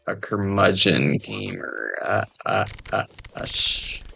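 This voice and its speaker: A man's voice: sits low, big pitch swings, slow pace, vocal fry, sharp tone, a little hiss or hum. A man joking and rambling through casual gameplay commentary, often trailing off into mumbled asides. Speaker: gamer recording gameplay.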